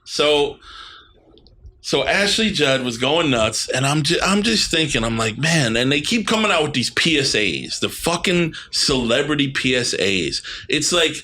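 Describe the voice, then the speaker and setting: A man's voice: fairly high pitch, big pitch swings, a little slow, sharp tone, slight background noise. Ranting, foul-mouthed podcast man. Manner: blunt, ranting, swears often. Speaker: podcast co-host. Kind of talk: casual profane chat.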